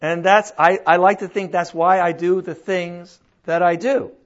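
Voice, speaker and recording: An older man preaches in a loose, folksy way, asking his listeners question after question. His voice sits high. The recording is dull and lo-fi. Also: little pitch movement, unhurried. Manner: conversational, folksy, with rhetorical questions. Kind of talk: sermon.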